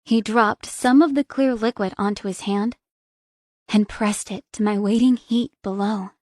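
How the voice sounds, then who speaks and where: Young woman reading a romance audiobook slow and soft, close mic, dry sound. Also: mid-range voice, steady tone, no echo. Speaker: audiobook narrator. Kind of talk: first-person romance audiobook narration.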